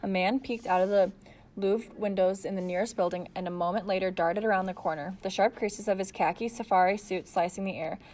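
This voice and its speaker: Woman audiobook reader, steady storytelling, mid pitch. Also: a little fast, slight background noise. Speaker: audiobook narrator. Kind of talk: audiobook narration.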